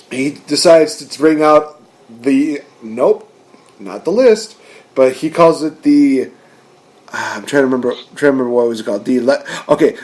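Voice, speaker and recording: A man hosting a podcast, chatting excitedly, laughing and rambling as he recaps. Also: on the high side, moderate pace. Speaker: podcast host. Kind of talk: casual chat.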